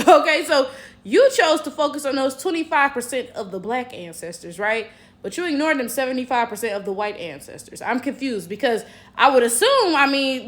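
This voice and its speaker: A chatty American woman talks straight to her viewers in a casual reaction vlog. Her voice sits a touch high, and her delivery is sassy and conversational. She keeps tossing rhetorical questions back at the audience. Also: a bit bright. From United States. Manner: frequent rhetorical "right?" checks. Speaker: commentary vlogger.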